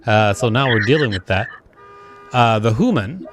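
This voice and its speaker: A man's voice: mid-range voice, lively intonation, normal speed, music in the background. A man hosting an online talent show, loose and chatty, with plenty of fillers. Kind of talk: casual hosting banter.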